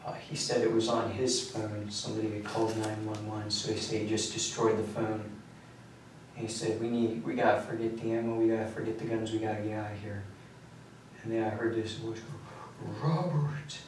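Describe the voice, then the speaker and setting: A young man in his late teens with a somewhat low voice tells his account in a halting, rambling way, sounding exhausted. He is recorded from far off in a bare, very echoey room. A faint hiss sits under the voice. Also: monotone. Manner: rambling, halting, quiet recounting. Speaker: suspect under questioning. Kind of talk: recounting events in a police interview. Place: police interrogation room.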